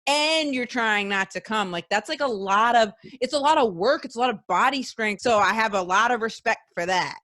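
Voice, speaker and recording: A woman's voice: fairly high pitch, moderate pace, few pauses, fairly bright tone. A woman hosting a podcast, talking frankly and chattily in casual conversation. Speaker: podcast host.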